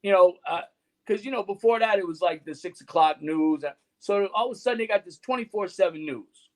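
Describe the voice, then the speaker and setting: A man with a notably high speaking voice tells long, loose stories as a guest on a talk show. He rambles from one thread to the next and peppers nearly every phrase with "you know" and "man". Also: fairly quick. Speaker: guest musician and radio host. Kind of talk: casual interview storytelling.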